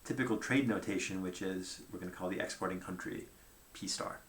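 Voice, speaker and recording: A man's voice: sits low, a little fast, fairly bright tone, echoey room, a little hiss or hum. A man giving a conversational lecture at a whiteboard, thinking aloud and checking in with "right?" as he goes.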